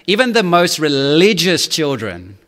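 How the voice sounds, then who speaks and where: A man preaching a sermon earnestly, often checking in with listeners and pushing his pitch up to stress key points. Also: sing-song, measured pace. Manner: earnest, checks in with frequent "okay?" and "right?"; swings to high, louder emphasis on key points. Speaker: pastor.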